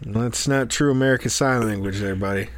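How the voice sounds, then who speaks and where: A man's voice: lowish voice, a little fast. A young man teasing and arguing sarcastically in casual banter.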